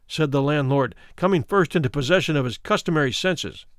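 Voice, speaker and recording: A man narrating a classic story as an audiobook, with deliberate and expressive storytelling. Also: a little high, no room sound, clean studio sound.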